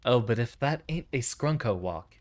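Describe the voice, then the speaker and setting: A man's voice: medium pitch, lively intonation, normal speed, natural voice. A man voicing a sneering male gas-monster thug with a Brooklyn accent and a mocking tough-guy swagger.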